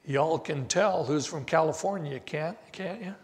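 Older male pastor, unhurried emphatic sermon delivery, voice sits a bit high, long church-hall reverb. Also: a little hiss or hum. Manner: slow, deliberate preaching with emphatic rises. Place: church sanctuary.

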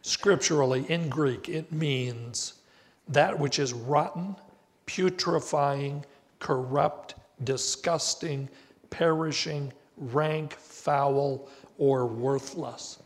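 An older man preaching a sermon as pastor, slow and deliberate with emphatic rises on key words. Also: a little high. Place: church sanctuary. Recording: reverberant church hall.

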